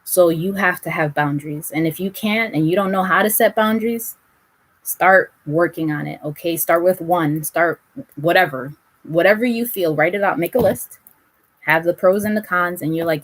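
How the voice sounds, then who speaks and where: A woman's voice: fairly low pitch, moderate pace. A woman giving a casual spiritual reading to her viewers, blunt and direct, swearing freely as she hands out advice. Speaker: tarot reader.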